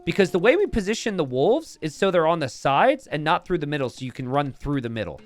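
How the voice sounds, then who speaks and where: A man casting a strategy game match, excitable and breaking into shouts and laughter. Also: on the high side, fast. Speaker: game caster.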